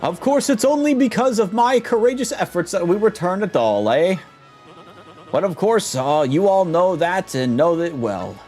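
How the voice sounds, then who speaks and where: A man's voice: sits high, animated, moderate pace, a little mellow, soft background music, pitched above the performer's own voice. A man voicing a pompous, vain adventurer with theatrical, self-praising delivery in a fan dub of a game.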